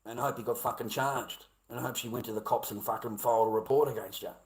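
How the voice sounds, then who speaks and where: A man's voice: medium pitch, steady tone, quick pace. A middle-aged man with an Australian accent ranting bluntly at his live chat, swearing heavily and repeating himself. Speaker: livestreamer.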